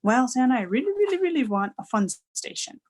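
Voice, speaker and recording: Woman doing an excited, eager little boy. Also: sits high, brisk, pitched above the performer's own voice. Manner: bouncy, pleading, breathless.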